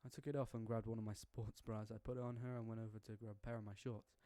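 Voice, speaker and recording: Young man, story reader, mellow dark tone, dry close sound, slangy jokey asides. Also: fairly low pitch, little pitch movement, quick pace, dry recording. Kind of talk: reading a fan story aloud with asides.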